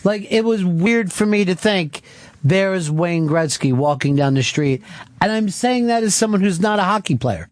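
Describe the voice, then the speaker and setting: A man hosts a radio call-in show with a loose, chatty manner and casual swearing. His voice sits high for a man. The studio sound is dry and close, with no room around it. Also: animated, moderate pace, no room sound. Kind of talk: casual radio talk taking calls.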